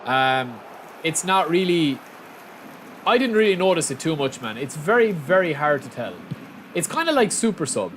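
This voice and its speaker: A man with an Irish accent from the south of Ireland, casually commentating a football game on stream and chatting with viewers, breaking into excited shouts. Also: a little high, normal speed, slight background noise.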